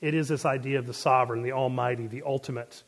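A man's voice: medium pitch, fairly even intonation, quick pace, in a large hall. A man teaching a casual Bible class, chatty, with fillers and asides, answering questions from the room. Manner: conversational, with many fillers and pop-culture asides.

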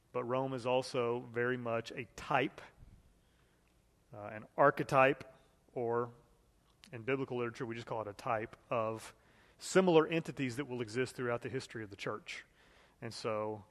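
A man's voice: medium pitch, in a large hall. A man teaching a Bible study in a conversational way, reading scripture aloud and asking the group questions.

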